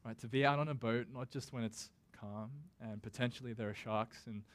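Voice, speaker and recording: Man, pastor, sermon, casual and conversational, middle pitch, dramatic slow emphasis on quotes. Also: fairly even intonation. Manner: casual and conversational, with self-deprecating asides.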